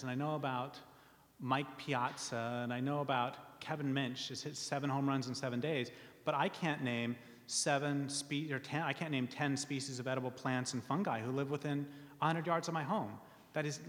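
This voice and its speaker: A man's voice: medium pitch, fairly bright tone. Man giving a talk in a reverberant hall. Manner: earnest, with wry asides and many ums. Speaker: speaker reading from his book. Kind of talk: public talk reading premises to an audience.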